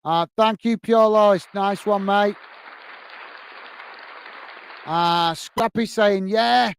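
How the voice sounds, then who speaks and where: This British host of a football fan live stream reads viewer messages, thanks each person by name, calls them mate, and is sometimes thrown by his sluggish computer. His voice is high with vocal fry and an unhurried delivery, over slight background noise and some chatter.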